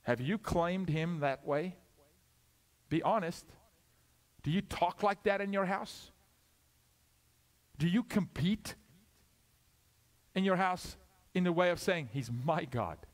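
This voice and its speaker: Male guest preacher. Sermon delivery, a bit high-pitched and very dynamic, from loud to near whisper. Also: expressive, a little slow, long pauses. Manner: preaching with swings from loud peaks to hushed, low asides.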